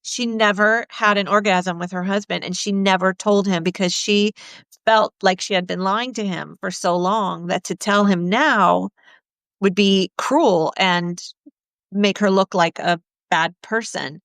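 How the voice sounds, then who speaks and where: A middle-aged woman who works as a sex therapist shares candid stories in casual conversation, acting out the voices of those she quotes. Her mid-range, slightly bright voice is unhurried, with no echo.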